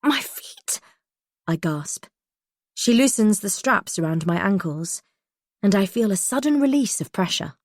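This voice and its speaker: A woman reading a first-person thriller audiobook in a tense, measured way. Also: mid-range voice, animated, no room sound, studio quality. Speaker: audiobook narrator.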